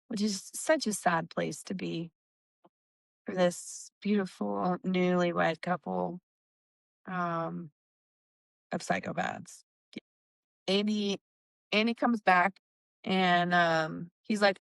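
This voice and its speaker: A woman with a fairly low, creaky voice hosts a book club podcast, speaking slowly as she casually recaps chapters. She animatedly acts out characters' lines, swearing as she goes, in a dry recording.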